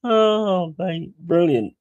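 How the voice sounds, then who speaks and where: A man's voice: high voice, lively intonation, extremely slow, a little mellow, no echo, dull audio. A man chatting casually on a live stream, rambling and swearing between chuckles.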